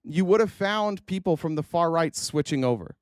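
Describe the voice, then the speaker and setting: A man's voice: a little high, expressive, normal speed, clean tone, no room sound, clean studio sound. A man hosting a political commentary stream, talking casually with many fillers, restarts and swearing.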